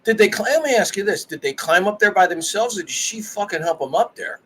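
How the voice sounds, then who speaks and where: A man's voice: sits high, expressive, fairly quick, pushed and bright, slight background noise, rough recording. A man co-hosting a podcast, talking in casual, profane banter and slipping into mocking impressions. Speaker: podcast co-host.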